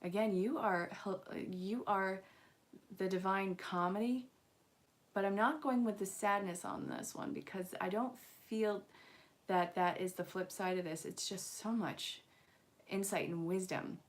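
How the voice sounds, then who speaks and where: A woman's voice: medium pitch, steady tone, a little slow. A young woman doing a live angel card reading in a casual, chatty way, mixing guidance with playful jokes. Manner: playful, joking asides and frequent laughs.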